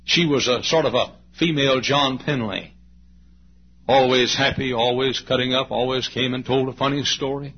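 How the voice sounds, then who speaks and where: A man in his late fifties preaching a storytelling sermon in a church, swinging between loud passages and hushed ones as he tells the story. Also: medium pitch, fairly even intonation, normal speed, a little hiss or hum. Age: late 50s. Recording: dull lo-fi sermon recording.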